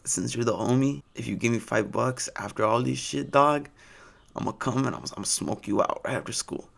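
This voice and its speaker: A man's voice: medium pitch, gravelly, a bit bright. Give me a man putting on a stoned, mumbly teenage boy with California slang. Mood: mellow. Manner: slow, mumbly, slangy drawl, calling everyone fool and dog. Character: stoned laid-back teenage boy, mellow and easygoing. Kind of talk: storytime vlog.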